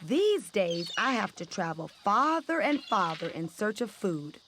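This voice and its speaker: A calm rainforest forager gives measured explanations in a computer game. Her pitch sits mid-range but moves in a lively way. A faint hiss runs under the game audio. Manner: informative, measured. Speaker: in-game guide character.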